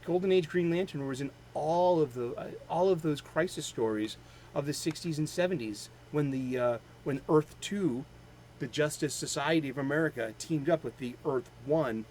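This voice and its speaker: A man with a Boston accent talks casually and eagerly, stopping and restarting his thoughts with plenty of fillers. His voice sits a bit high for a man, and there is a faint hum of ambience behind him. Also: darkish tone, low-quality recording. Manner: rambling, halting, with many fillers; enthusiastic fan. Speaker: host of a daily comics show. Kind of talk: casual chat.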